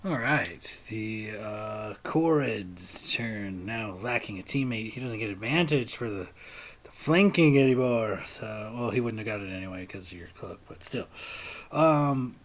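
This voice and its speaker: A man speaks at an unhurried, slow pace as game master, narrating monster turns and calling out dice rolls. He talks in a relaxed, halting manner, stopping often to think. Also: fairly low pitch. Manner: relaxed, hesitant, many pauses and fillers. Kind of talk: running a tabletop game, casual narration.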